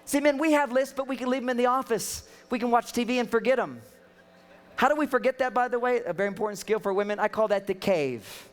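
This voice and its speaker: High-voiced man giving a joking seminar talk. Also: quick pace. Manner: joking, animated storytelling with acted quotes. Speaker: relationship speaker and counselor. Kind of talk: humorous seminar talk to a live audience.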